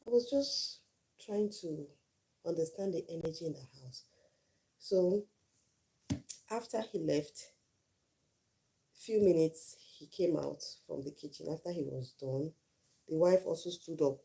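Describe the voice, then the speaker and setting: Earnest woman with a dark, mellow voice. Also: sits low, creaky. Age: middle-aged. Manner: earnest, repeats phrases for emphasis. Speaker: channel host on her first livestream. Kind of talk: casual storytelling and advice.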